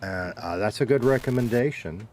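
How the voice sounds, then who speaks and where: A man's voice: lowish voice, moderate pace, darkish tone, soft background music. Laid-back Southern man chatting. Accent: American Southern. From Southern United States. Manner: laid-back, rambling, swears casually. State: dehydrated. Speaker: streamer. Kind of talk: casual chat with stream chat.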